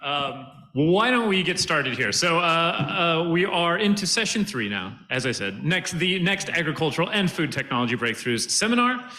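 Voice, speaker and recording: A man hosting a conference session, introducing the panel with halting, filler-heavy delivery. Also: on the high side, big pitch swings, sharp tone, low-quality recording. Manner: halting, many fillers, self-deprecating. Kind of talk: event introductions.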